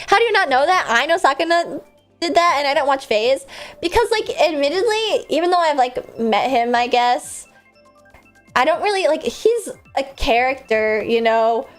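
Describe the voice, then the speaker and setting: A woman streamer chatting casually and rambling with lots of fillers, breaking into sudden loud outbursts while she plays a game. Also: high voice, animated, a little slow, soft background music. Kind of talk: casual live-stream chat while gaming.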